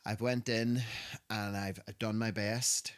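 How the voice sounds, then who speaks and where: A man's voice: fairly low pitch, takes it slowly, smooth. A middle-aged man who performs in drag, chatting casually as a podcast co-host and telling stories with a sarcastic streak. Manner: sarcastic, animated storyteller who quotes people.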